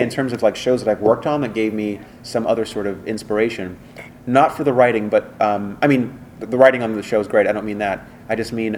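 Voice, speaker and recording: Man, voice actor guest, casual interview, animated storytelling, lots of "like" and "um", faint background hiss. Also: on the low side. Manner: animated storyteller, lots of fillers and acted quotes.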